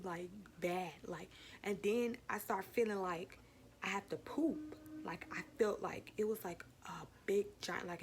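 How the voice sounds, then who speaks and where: Young woman telling a story, gravelly voice. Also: medium pitch, slight background noise. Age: young adult. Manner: animated, acts out quotes, slangy. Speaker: vlogger. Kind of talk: casual storytelling.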